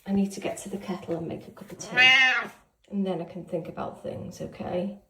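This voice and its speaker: A woman's voice: lowish voice, steady tone, fairly quick, warm tone, reverberant, a little hiss or hum. A sleepy woman in her kitchen early in the morning, talking wearily and half-whispering to her dog. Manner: weary, pleading, half-whispered. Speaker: pet owner.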